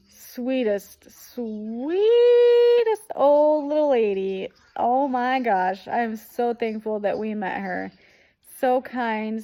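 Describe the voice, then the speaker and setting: A woman's voice: mid-range voice, lo-fi sound. A young woman vlogger retelling a hard weekend in a rambling, emotional way, full of fillers. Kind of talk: casual storytelling.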